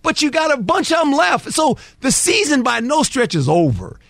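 Animated, high-voiced football analyst man. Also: normal speed, creaky, no echo. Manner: emphatic, acts out players and coaches in quoted dialogue; folksy, with plain football talk. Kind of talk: sports talk show breakdown.

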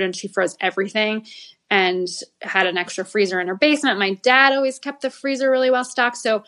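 A chatty woman from the United States talks casually as a podcast guest, her voice sitting fairly high. She laughs easily and often trips over restarts while explaining things. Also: fairly bright tone. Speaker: podcast guest, food critic. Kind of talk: casual chat.

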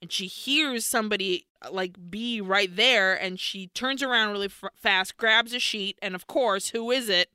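A woman's voice: mid-range voice, moderate pace, few pauses, clear, resonant tone, no echo, studio quality. A woman co-hosting a podcast, animatedly retelling a film plot with lots of swearing and bits of Spanish. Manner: animated, profane storytelling with Spanish slipped in. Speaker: podcast co-host. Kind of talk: casual film recap.

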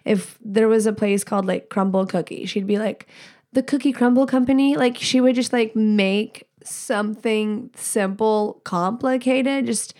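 A woman hosting a podcast alone, talking candidly and rambling, swearing freely and acting out what other people say. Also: medium pitch. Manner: candid, rambling, profane, quotes people in animated voices. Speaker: podcast host. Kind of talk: casual solo podcast talk.

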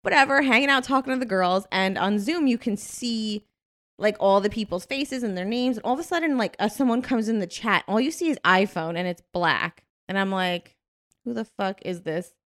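A young woman co-hosting a podcast, rambling through a story with frequent laughter and filler words. Her voice is at an everyday middle pitch and sounds close and dry, with no room around it. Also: fairly quick, a bit bright, no echo. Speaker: podcast co-host. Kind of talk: casual podcast chat. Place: home.

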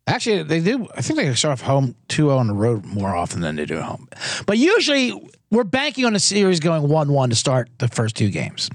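A man's voice: on the high side, wildly swooping pitch, brisk, dry recording, clean studio sound. A man hosting a sports betting podcast in a casual, jokey, rambling way, often interrupting himself. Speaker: podcast host.

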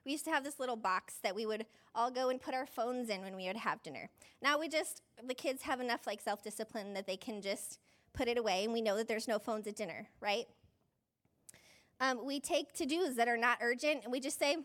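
A woman's voice: fairly high pitch, brisk, a bit bright. A woman pastor giving a conversational sermon, chatty and self-deprecating, often saying "like" and laughing mid-sentence.

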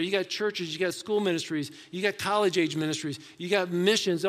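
A man's voice: high-pitched, fairly bright tone, long reverb tail. A man preaching a sermon in a conversational way, asking the congregation rhetorical questions. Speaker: pastor.

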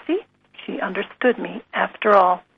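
A woman voicing a shy young schoolgirl in a soft storybook reading. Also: medium pitch, lively intonation, normal speed, vocal fry, narrow, tinny audio, slight background noise.

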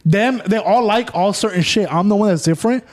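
A man's voice: sits high, brisk. A man on a podcast talking casually, blunt and self-mocking, with plenty of swearing. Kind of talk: casual chat.

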